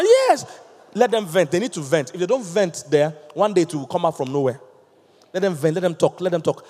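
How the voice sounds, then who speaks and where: A man preaching a lively sermon, acting out little scenes and laughing with his listeners. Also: high voice, in a large hall. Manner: animated, acts out voices, laughs with the congregation.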